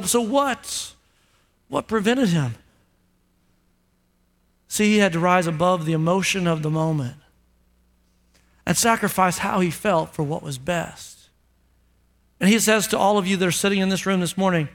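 A man's voice: high voice, normal speed. A man pastor preaching a sermon emphatically, asking the congregation rhetorical questions.

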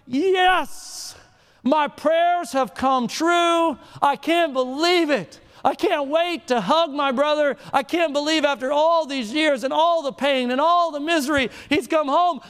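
A preacher putting on a whiny self-pitying older brother. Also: male voice, fairly high pitch, expressive, slow, clear, resonant tone, pitched below the performer's own voice. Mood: eager. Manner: whiny, indignant. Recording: reverberant hall.

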